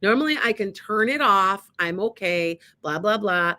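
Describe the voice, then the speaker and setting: Bright-voiced woman telling a story. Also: mid-range voice, moderate pace. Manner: animated, acts out quoted dialogue, many restarts. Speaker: psychic medium and show host. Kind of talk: casual storytelling on an internet radio show.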